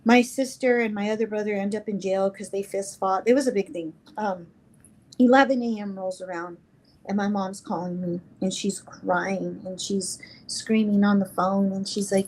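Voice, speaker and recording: A woman's voice: medium pitch, a little mellow, husky, poor audio. Middle-aged woman retelling an emotional story. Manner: halting, emotional, reenacts dialogue. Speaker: interview guest. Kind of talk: personal storytelling in an interview.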